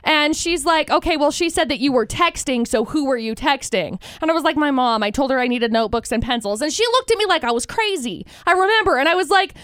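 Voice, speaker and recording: A woman's voice: high-pitched, quick pace, few pauses, no room sound, studio quality. A young woman co-hosting a radio show, telling stories in casual banter and acting out the voices of the people in them. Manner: animated storyteller, acts out quoted voices.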